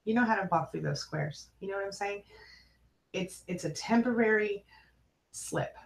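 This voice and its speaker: A woman hosting a live coaching stream, chatting with viewers and reading their comments aloud in a warm, familiar way. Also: medium pitch, moderate pace, gravelly. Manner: warm, chatty, calls viewers girl and honey. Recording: echoey room.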